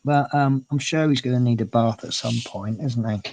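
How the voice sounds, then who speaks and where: A man's voice: medium pitch, moderate pace, darkish tone, slight background noise. A man chatting casually on a livestream from home, rambling and cooing at his cat. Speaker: streamer. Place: at home indoors.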